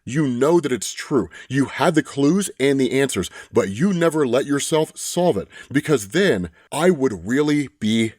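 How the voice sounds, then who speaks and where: A man reading the lines of a grown male superhero mentor in a slightly lower, measured voice. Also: animated, a little mellow, no echo, studio quality.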